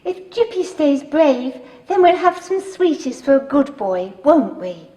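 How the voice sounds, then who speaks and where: Fussy dog-doting lady, very high voice, slow cooing baby talk, film drama. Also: very animated, mellow, in a large hall.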